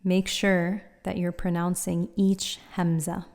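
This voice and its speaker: A woman teaching pronunciation in a patient, clear instructional style, demonstrating sounds aloud. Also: on the low side, little pitch movement, takes it slowly, a little mellow. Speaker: Quran recitation teacher. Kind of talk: instructional explainer.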